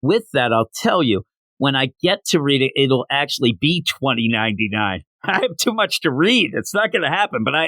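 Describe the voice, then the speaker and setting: A man's voice: fairly high pitch, pushed and bright, no echo. A man reviewing comics in a casual solo show, ranting and sarcastic, tired from not sleeping.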